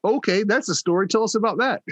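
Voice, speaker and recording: A man hosting a casual chat, prompting his guest with quick questions. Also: high voice, a bit bright, no echo. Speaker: podcast host.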